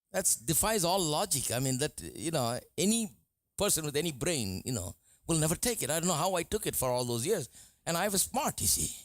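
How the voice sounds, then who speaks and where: A male preacher giving a sermon, animated and often laughing as he acts out what people say. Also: fairly high pitch, dry recording. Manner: animated, laughing, mimics voices in quotes.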